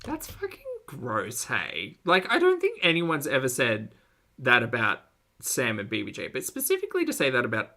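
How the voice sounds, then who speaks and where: A man hosts a reaction show, answering the clips with dry, sarcastic asides. His voice is bright and forward in tone. He keeps a wry, deadpan edge throughout. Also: medium pitch, moderate pace. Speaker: commentary host. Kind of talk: reaction commentary.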